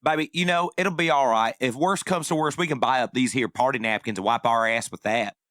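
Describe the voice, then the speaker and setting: A man's voice: mid-range voice, fairly quick, a bit bright, no echo, studio quality, natural voice. A man imitating a folksy middle-aged mother reassuring her grown daughter in a drawling voice. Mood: soothing.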